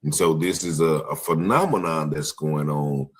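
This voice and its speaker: A man in a casual Bible class discussion, speaking haltingly with many fillers as he introduces a video. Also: a bass voice, slightly rough. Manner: halting, full of "uh" and "you know".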